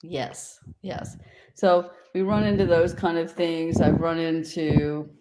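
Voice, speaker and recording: A woman's voice: low-pitched, flat delivery, slow pace, mellow. Woman dog trainer, direct and confident, on a noisy video call. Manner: direct, confident, demonstrates tones of voice. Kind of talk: casual instructive chat.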